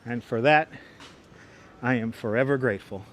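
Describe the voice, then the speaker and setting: Walking a city street on a live stream, this male host talks casually through a wireless clip-on mic, rambling and repeating himself often. His medium-pitched voice is a bit bright and moves at a moderate pace, with slight background noise.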